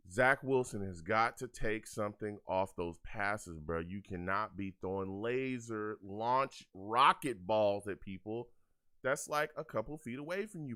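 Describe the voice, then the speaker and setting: A young man hosts a live game reaction show for fans, ranting in exasperation, repeating himself, and reading chat comments aloud. His voice is mid-range and a bit bright.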